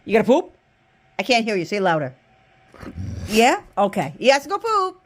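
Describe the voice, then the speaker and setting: A woman's voice: a little high, huge pitch swings, moderate pace. A woman talking playfully to her pet dog, teasing and coaxing it. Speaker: dog owner. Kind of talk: casual talk to a pet.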